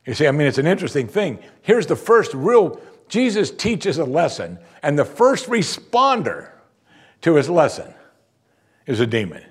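Husky man teaching scripture animatedly. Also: on the high side, normal speed. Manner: animated, acts out quoted voices. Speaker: preacher. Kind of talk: verse-by-verse Bible teaching.

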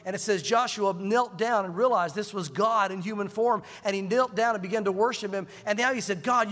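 High-voiced preacher in an echoing hall. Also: male voice. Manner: animated storytelling, acts out quoted voices. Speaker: pastor. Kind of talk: sermon.

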